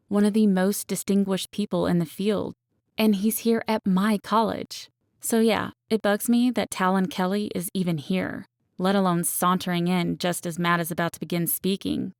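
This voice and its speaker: A woman's voice: lowish voice, creaky, darkish tone, no echo, studio quality. A woman narrating a first-person romance audiobook in a wry, self-aware storytelling manner.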